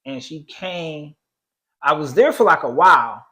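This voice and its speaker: A man's voice: on the high side, lively intonation, measured pace, sharp tone, low-quality recording. A young adult man co-hosting a casual talk, recounting a personal story earnestly with many fillers and talk of faith. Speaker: co-host.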